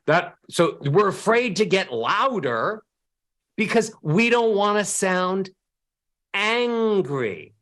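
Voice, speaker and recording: Guy teaching voice on stage, pitch swings all over, acts out emotions as he goes. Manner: demonstrates sad, happy and angry voices; animated, with sweeping pitch. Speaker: voice coach. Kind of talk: motivational talk on stage.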